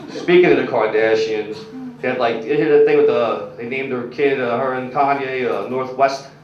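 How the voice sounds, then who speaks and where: A man's voice: medium pitch, moderate pace, slight background noise. A young man doing a stand-up set, rambling and crude, full of "like" and "you know", talking to the crowd. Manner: crude, rambling, filler-heavy delivery. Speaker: stand-up comedian. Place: comedy club stage. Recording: echoey, muffled room recording from a distance.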